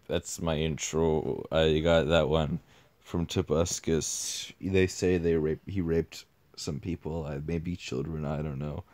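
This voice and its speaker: A man hosting a parody reaction video, rambling with halting restarts and lots of ums, in a deadpan, clueless tone. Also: a bass voice, no room sound.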